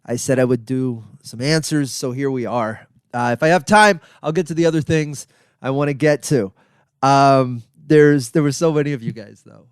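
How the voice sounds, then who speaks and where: A man's voice: medium pitch, moderate pace, clean tone, dry recording, clean studio sound. A male comedian hosting his own podcast in a casual, rambling, joking solo monologue. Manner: rambling, joking, self-deprecating.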